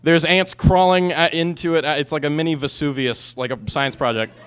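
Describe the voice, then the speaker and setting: A young man doing stand-up, his voice sitting a little high for a guy. He rambles through his story, doubling back and restarting mid-sentence. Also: fairly even intonation, a little fast, fairly bright tone, smooth. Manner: rambling, self-interrupting storytelling. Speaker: stand-up comedian. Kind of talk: stand-up comedy set.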